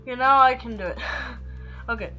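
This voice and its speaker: Bright-voiced young woman gaming. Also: sits high, brisk, muffled recording, soft background music. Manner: flustered, exclaiming, trailing off. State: out of breath. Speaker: gaming video host. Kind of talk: casual gameplay commentary.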